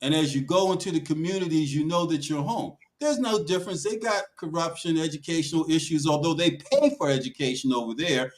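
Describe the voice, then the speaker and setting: A man's voice: a little high, animated, fairly quick, few pauses, poor audio. A man speaking emphatically on a talk show panel, with a preaching cadence that rises and falls.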